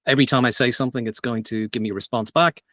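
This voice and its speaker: A man's voice: medium pitch, steady tone, very fast, a bit bright, no echo. A man giving a live tech demo at a meetup, talking casually with frequent fillers and restarts. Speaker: meetup presenter. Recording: dry, dull lo-fi sound.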